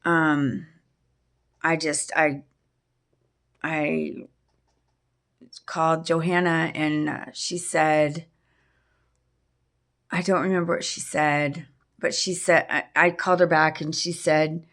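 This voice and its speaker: A middle-aged woman telling a painful personal story in an interview, halting and full of restarts. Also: low-pitched, little pitch movement, fairly bright tone. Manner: halting, with many restarts and fillers. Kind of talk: emotional personal testimony.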